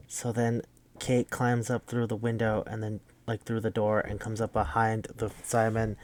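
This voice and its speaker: A man's voice: on the low side, darkish tone, dry recording. A man hosting a podcast, retelling a movie plot in a rambling, profane casual way. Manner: rambling, profane, jumps into quoted voices. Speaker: podcast host.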